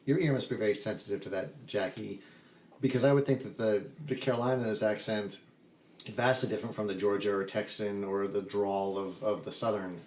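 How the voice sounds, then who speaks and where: A man's voice: lowish voice, steady tone, a little fast, a little hiss or hum. A man hosting a podcast, asking his guests questions in a chatty, joking way. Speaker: podcast host. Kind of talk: casual podcast chat.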